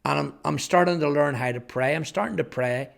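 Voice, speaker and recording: A man's voice: a little high, brisk, vocal fry. A man telling his personal testimony in an earnest storytelling way, often repeating words. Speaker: testimony speaker.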